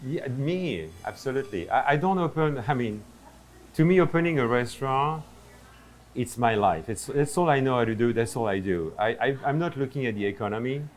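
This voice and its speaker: A man's voice: mid-range voice, expressive, a little fast, slight background noise. A middle-aged man with a French accent, a chef and restaurant owner, chatting in an interview with self-mocking humor, in a busy restaurant. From France. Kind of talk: casual interview. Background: diners chatting and laughing.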